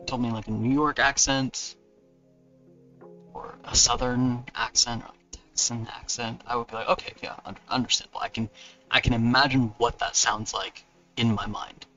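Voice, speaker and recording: A man's voice: mid-range voice, normal speed, pushed and bright, far from the mic, dull audio, faint music behind. A man with a Californian accent hosting a book launch livestream, chatting casually with viewers, rambling and laughing often.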